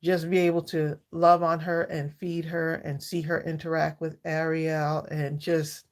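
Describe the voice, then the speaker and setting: Woman, 60s, live-stream host: gravelly and lowish, heartfelt and chatty, laughs often. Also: level tone, unhurried. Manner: heartfelt, chatty, reads viewers' comments aloud and greets them by name; laughs often between thoughts. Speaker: livestream craft channel host. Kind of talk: casual live-stream chat with viewers.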